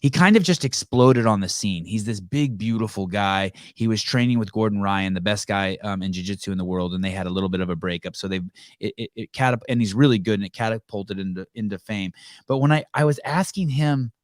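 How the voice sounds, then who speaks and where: Podcast host, man, lowish voice, dry close sound; casual, excitable, swears a lot, ums between thoughts. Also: fairly quick, no echo. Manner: excitable, swears freely, trails off into fillers. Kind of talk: casual interview chat.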